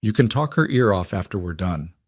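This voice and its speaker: A man voicing a plain-spoken father in a storybook reading, firm but gentle and matter-of-fact. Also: low-pitched, expressive, fairly quick, no room sound, studio quality.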